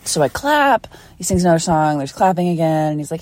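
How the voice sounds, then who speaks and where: A woman from Philadelphia hosting a casual solo podcast, chatty and quick to laugh, swearing freely as she tells a story. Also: low-pitched, expressive, a little mellow. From Philadelphia, USA. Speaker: podcast host.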